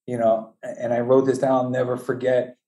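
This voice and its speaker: A bereaved father tells his story in a personal interview, his mellow, medium-pitched voice turning high and strained as grief breaks through. His delivery is flat yet halting and emotional, with many restarts.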